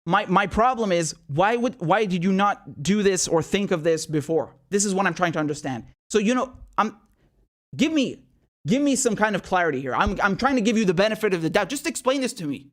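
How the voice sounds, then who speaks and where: A man hosting a political commentary show, ranting in outrage with rapid rhetorical questions and frequent swearing. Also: sits high, animated, a bit bright. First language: not American.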